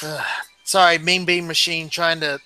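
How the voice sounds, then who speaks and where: A co-host in a casual gaming chat, throwing in sarcastic jabs and quick asides. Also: medium pitch, flat delivery, sharp tone, clean tone, faint music behind.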